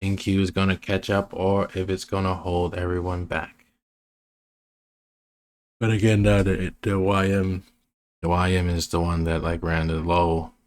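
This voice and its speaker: Slow, low-voiced man rambling over charts. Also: flat delivery. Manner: rambling, restarts often, many fillers. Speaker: trading educator. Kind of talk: casual chart walkthrough.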